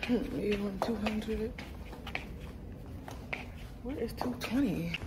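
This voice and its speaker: A woman's voice: mid-range voice, slow pace, very noisy. A young woman vlogging from her car and her school, talking bluntly and cursing freely when annoyed. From Philadelphia area. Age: young adult. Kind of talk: casual vlog talk.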